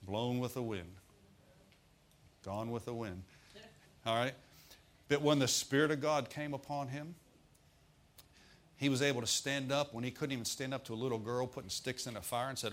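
A man's voice: mid-range voice, fairly even intonation, moderate pace, long pauses, fairly bright tone. Folksy male preacher. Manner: folksy, humorous preaching with asides. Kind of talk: sermon.

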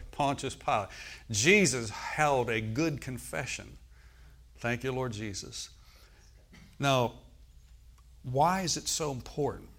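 A pastor with a mid-range, gravelly, slightly bright voice preaches slowly, pausing often. He tells stories, acts out the characters' voices, and asks the congregation for amens.

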